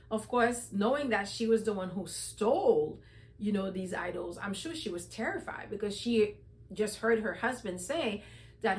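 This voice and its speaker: A woman hosting a casual Bible reading commentary, retelling the story conversationally with lots of "you know". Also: mid-range voice. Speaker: host.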